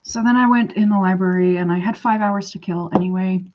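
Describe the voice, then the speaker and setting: A young woman from western Canada tells a story in a casual vlog, talking in an animated, chatty way and acting out every exchange. Her voice sits at an ordinary middle pitch. The recording is dull and lo-fi. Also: brisk. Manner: animated, chatty, full of "like" and quoted dialogue. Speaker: vlogger.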